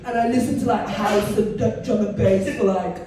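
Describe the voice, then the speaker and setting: At a normal pace and mid-range pitch, a Leeds woman does chatty, animated stand-up in a club, sprinkling in lots of fillers. She's from northern England, and the recording is far off and echoey, with background room noise.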